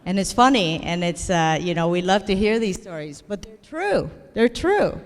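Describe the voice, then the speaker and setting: A woman's voice: medium pitch, big pitch swings, normal speed. A woman giving a comedic keynote speech, telling playful, self-deprecating stories to an audience. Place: large hall before an audience. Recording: long hall reverb.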